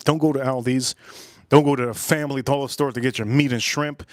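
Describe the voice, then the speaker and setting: A man's voice: mid-range voice, quick pace, dry recording, studio quality. A man hosting a casual cooking and whiskey livestream, rambling playfully and repeating catchphrases. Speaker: livestream host.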